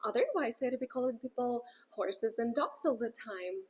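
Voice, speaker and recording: A woman's voice: on the high side, expressive, normal speed, husky. A woman voicing a curious female language student who asks playful, joking questions. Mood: eager, playful.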